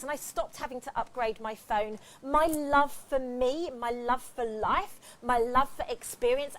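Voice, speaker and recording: A woman's voice: sits high, fairly bright tone, a little hiss or hum. A woman giving an impassioned motivational talk on a livestream, swearing freely. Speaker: livestream host.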